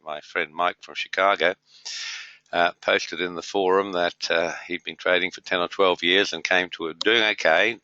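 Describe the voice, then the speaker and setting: A man's voice: low-pitched, bright, forceful tone, dry recording. A middle-aged man hosting a trading webinar, chatting casually and greeting viewers by name with many fillers and matey asides. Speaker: webinar host and trading tutor. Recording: dull lo-fi webinar audio.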